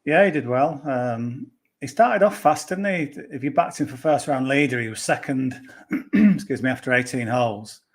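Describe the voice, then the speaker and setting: A man chatting casually as a podcast pundit. He rambles along with lots of ums and restarts, and his voice sits at an ordinary middle pitch. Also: normal speed. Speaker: golf betting pundit.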